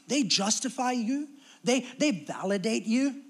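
A man's voice: high voice, lively intonation, moderate pace, a bit bright. A young adult man preaching a sermon as pastor, talking conversationally and acting out little quoted exchanges.

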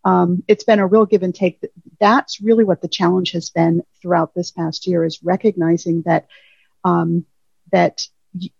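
Woman, interview guest, chatty, husky voice, muffled dry remote audio. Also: lowish voice, darkish tone, dry recording. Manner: chatty, full of "you know" asides. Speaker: guest payroll leader. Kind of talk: casual conversational interview.

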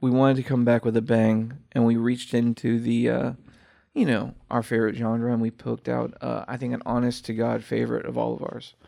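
Gravelly-voiced man, crude banter. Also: mid-range voice, monotone, normal speed, warm tone, no room sound, clean studio sound. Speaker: podcast host. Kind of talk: casual chat.

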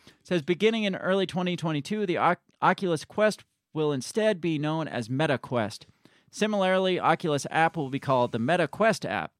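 A man's voice: fairly high pitch, lively intonation, a little fast, dry recording, studio quality. A man co-hosting a casual talk stream, reading news aloud and adding his own blunt comments, often laughing and swearing. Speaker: co-host of a live-streamed talk show.

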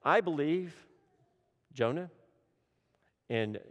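Guy preaching, high voice, goes loud then real quiet, repeats stuff, long echo like a church hall. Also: lively intonation, drawn-out words. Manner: dramatic, swings between loud urgent lines and hushed low ones; repeats phrases for emphasis. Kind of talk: sermon.

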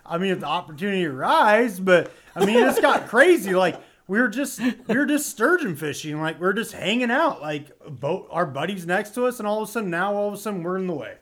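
A man telling a story in casual podcast talk, lively and laughing easily. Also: sits high, fairly quick, hardly any pauses.

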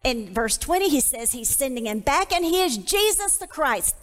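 A woman's voice: high voice, very animated, moderate pace, a bit bright. Emphatic woman teaching in a reverberant hall. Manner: emphatic, repeats key phrases. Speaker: Bible teacher. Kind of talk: Bible teaching to a live audience. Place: church hall.

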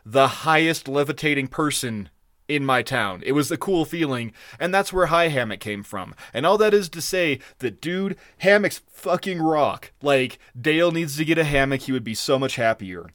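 A man's voice: fairly high pitch, lively intonation, normal speed, a bit bright, dry recording, studio quality. A young man co-hosting a casual podcast, talking loosely with lots of swearing and frequent laughs. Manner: loose, profane, laughing often. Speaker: podcast co-host.

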